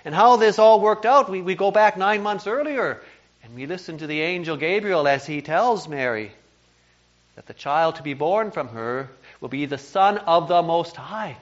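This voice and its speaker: A man's voice: fairly high pitch, lively intonation, moderate pace, highs cut off. A man preaching a sermon as pastor, earnest and emphatic, sometimes repeating words as he goes. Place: church.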